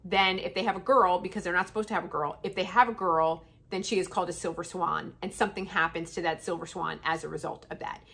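A woman's voice: on the low side, steady tone, fast talker, vocal fry, few pauses, a bit bright. A woman chatting casually and enthusiastically about a book series in a review vlog.

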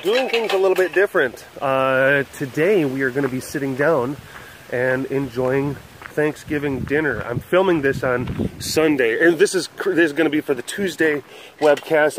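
A man hosting a webcast from an animal compound, talking in a rambling, animated way and cooing at the animals, recorded outdoors on a windy day with a handheld camera. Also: on the high side, moderate pace. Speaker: host of an animal facility webcast. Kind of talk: casual vlog chat.

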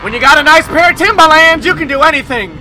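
A man commenting on his first playthrough of a horror game, excitable, yelping and swearing whenever something startles him. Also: very high voice, fast. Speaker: let's play gamer. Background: game music and sound effects.

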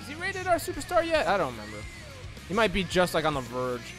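A man's voice: sits high, huge pitch swings, quick pace. A young man commentating a wrestling video game casually, rambling and joking and slipping into mock play-by-play calls. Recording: echoey room, game music behind.

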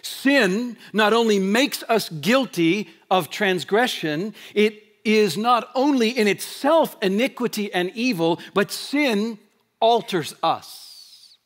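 A man's voice: lively intonation, slow pace. Preacher man with a raised, emphatic delivery. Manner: emphatic repeated rhetorical questions; shifts between loud proclaiming and low quiet stretches. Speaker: pastor. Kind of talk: sermon.

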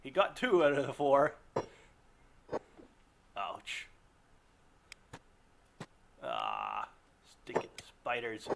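A man commentating his own gameplay, excitable, yelping and groaning as things go wrong. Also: mid-range voice, drawn-out words, creaky, pauses often, background noise. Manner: excitable, yelps and groans at setbacks. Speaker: let's play gamer. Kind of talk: live game commentary.

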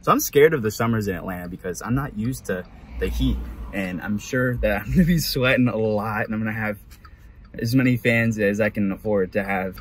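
A man's voice: on the low side, fairly quick, a little hiss or hum. A young man from Michigan, a vlogger and actor, chatting casually to camera in a self-deprecating way and laughing often. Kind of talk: casual vlog chat to camera.

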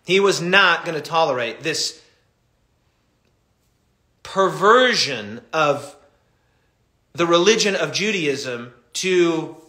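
A middle-aged man, a pastor, teaching a Bible study in an animated, impassioned way. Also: on the high side, slow, pauses often, echoey room.

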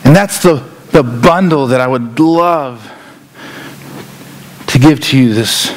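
A male pastor preaching a sermon, animated and often repeating words as he acts out scenes. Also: medium pitch, slow.

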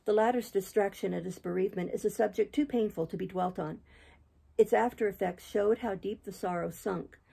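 A woman reading a classic novel aloud in a steady, measured manner. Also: mid-range voice, gravelly, slightly rough, poor audio. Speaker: reader, channel host. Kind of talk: audiobook reading.

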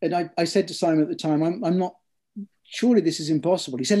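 Author guy chatting in an interview, bit high voice, mellow, lots of ums and repeats. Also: breathy edge. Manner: measured storytelling with frequent ums and repeated words. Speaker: author interviewed about his books. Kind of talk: thoughtful interview conversation.

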